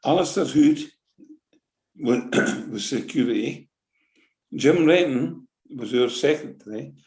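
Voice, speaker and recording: A Scottish man, a former football manager, telling lively anecdotes in an interview and acting out what people said. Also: mid-range voice, takes it slowly. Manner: lively anecdotal, acts out quotes, swears. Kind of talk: animated storytelling interview. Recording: roomy echo.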